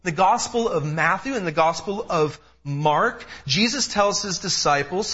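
Lively high-voiced preaching man. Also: measured pace, hardly any pauses, breathy edge. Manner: animated, emphatic preaching with personal asides. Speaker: pastor. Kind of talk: expository sermon. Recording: dull lo-fi sound.

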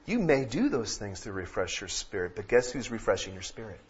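A man preaching a sermon, moving from calm teaching to loud, emphatic peaks. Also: lowish voice, fairly quick, slightly rough, dull audio. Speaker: pastor.

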